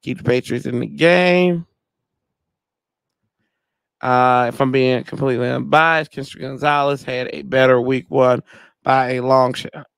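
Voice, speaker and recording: A man's voice: mid-range voice, steady tone, measured pace, gravelly, long pauses, a bit bright, clean tone, no room sound. Male fan-show host, casual slangy rambling, answers chat, dry close mic. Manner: rambling, reads chat comments aloud, slangy. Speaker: podcast host reading live chat. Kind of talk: casual sports fan livestream.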